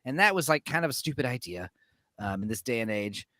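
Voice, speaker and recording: A man's voice: mid-range voice, expressive, fairly quick, pushed and bright, no room sound, studio quality. A man co-hosting a casual chat, tipsy, rambling with lots of fillers and swearing. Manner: rambling, filler-heavy and profane. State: tipsy from drinking.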